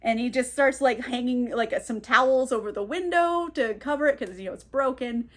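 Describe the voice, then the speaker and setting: Chatty high-voiced woman recapping a book. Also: moderate pace, a bit bright. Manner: chatty, irreverent, laughs often, many fillers. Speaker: book vlogger.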